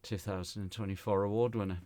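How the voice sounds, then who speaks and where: A man's voice: fairly low pitch, quick pace, dry recording, studio quality. A man, a stand-up comedian co-hosting a podcast and telling a gig story in casual chat, acting out the people he quotes. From Gateshead, northeast England. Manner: animated storyteller, acts out quotes, laughs often.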